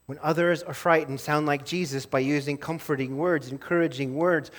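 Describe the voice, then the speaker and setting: A man's voice: fairly even intonation, normal speed. Man preaching an earnest sermon. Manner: earnest preaching, rising to emphatic then dropping low and soft. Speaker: pastor.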